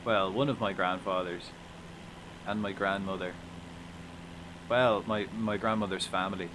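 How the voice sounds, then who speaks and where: A chatty man streaming live, with a somewhat low voice and a loose, joking way of talking full of asides and the odd swear word. A faint background noise sits under his voice. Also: steady tone, a little slow. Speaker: livestreamer. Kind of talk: casual live-stream commentary.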